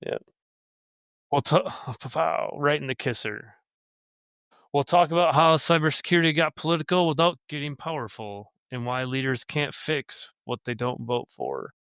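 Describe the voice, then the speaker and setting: A man's voice: a little high, a little slow, vocal fry, a bit bright, clear, resonant tone, no echo, lo-fi sound. A man co-hosting a casual podcast, laid-back and blunt, swearing casually. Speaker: podcast co-host.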